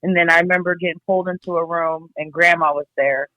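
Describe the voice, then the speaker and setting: A woman from Iowa giving a candid personal account, blunt and halting, swearing freely as she reflects. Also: fairly low pitch, fairly even intonation, pushed and bright, dry recording. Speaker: guest, host's sister. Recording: tinny phone line.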